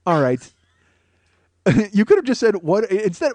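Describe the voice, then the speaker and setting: A man's voice: high-pitched, big pitch swings, fairly quick, dry recording. A man hosting a comedy podcast, ranting in a rambling, profane way that keeps interrupting itself. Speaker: podcast host.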